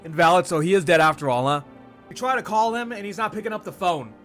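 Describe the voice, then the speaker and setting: Gamer guy, bit high voice, lively and jokey, faint music behind. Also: fast talker. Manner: animated, jokey, loud outbursts. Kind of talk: casual gameplay commentary.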